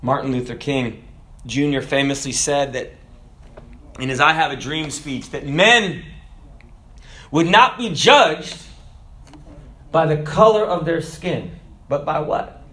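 A man preaching a sermon, telling jokes and stories, with sudden shouted lines. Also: on the high side, slow pace, long pauses. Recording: echoey room.

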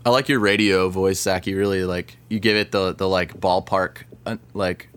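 A man co-hosting a casual gaming podcast, talking enthusiastically in halting bursts with frequent restarts. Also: low voice, fairly even intonation, fairly bright tone, clear, resonant tone. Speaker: podcast co-host.

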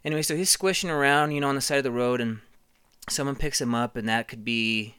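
A comedian telling a rambling, profane improvised story in a deadpan way. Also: medium pitch, fast talker, clean tone, no room sound.

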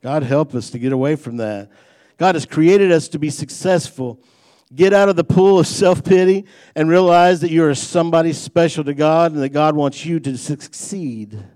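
A man's voice: fairly high pitch, normal speed, darkish tone. A man delivers a sermon in a folksy, conversational manner. He mixes light humor with rising emphasis on his main points, sounding like a pastor talking straight to his congregation.

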